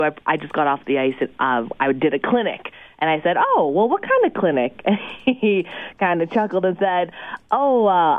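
A woman calling into a radio show, telling a story in a lively, chatty way and laughing often. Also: deep voice. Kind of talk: casual phone chat. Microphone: phone. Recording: tinny phone line.

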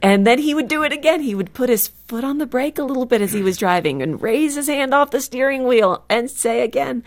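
A woman guest on a radio program, talking earnestly about faith, animated and quick to laugh. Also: high-pitched. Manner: earnest and animated, acts out quotes with playful emphasis; laughs easily while explaining. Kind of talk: conversational faith talk.

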